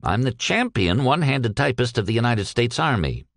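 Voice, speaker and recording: An earnest, cheerful young veteran, as a man reading the story puts him on. He speaks politely and with confidence, his voice a little raised and lively. The sound is dry and close. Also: mid-range voice, moderate pace, creaky, dry recording, pitched above the performer's own voice, full character voice. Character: cheerful young one-armed ex-soldier.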